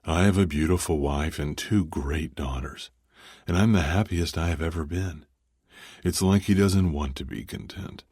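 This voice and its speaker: Man doing a jolly older boss, super deep, bit husky, teasing. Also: moderate pace, darkish tone, no room sound, clean studio sound. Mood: jovial. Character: cheerful older businessman, company founder.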